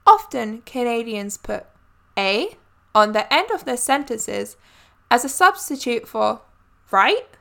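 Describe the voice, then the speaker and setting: A woman's voice: a little high, sing-song, takes it slowly, gravelly, sharp tone. A woman hosting a solo podcast, talking in a chatty, friendly way with light laughs. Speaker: podcast host.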